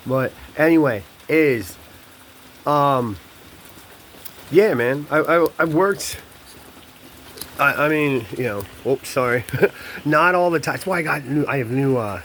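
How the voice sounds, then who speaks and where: A man talks to a phone camera in a loose, confessional way and hops from thought to thought. His voice sits at an ordinary middle pitch. A soft background hum runs under it. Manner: rambling, candid, jumps between thoughts; paces while talking. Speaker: vlogger and podcast host. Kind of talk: casual confessional monologue to camera.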